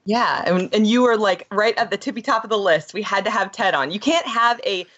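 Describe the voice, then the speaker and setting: A woman co-hosting a podcast, reacting with quick, enthusiastic exclamations in casual chat. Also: mid-range voice, fairly bright tone, highs cut off. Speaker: co-host.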